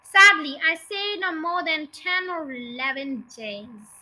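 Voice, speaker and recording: A woman's voice: sits high, slow pace, pushed and bright, exaggerated voice, rough recording. A woman reading a children's book aloud, voicing a cruel, scheming old man who taunts his wife. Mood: mock solemn. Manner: gloating, taunting.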